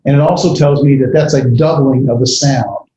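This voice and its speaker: A man's voice: mid-range voice, steady tone, mellow, slight background noise. Hesitant male Hebrew teacher, roomy sound. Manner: halting, many fillers and self-corrections. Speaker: Hebrew instructor. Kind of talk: classroom lecture. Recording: dull, roomy lecture recording.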